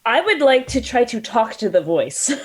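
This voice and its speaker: A woman's voice: on the high side, big pitch swings, a little slow, breathy edge. A woman playing a tabletop role-playing game, chatting and laughing with the group. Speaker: player. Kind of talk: casual tabletop play.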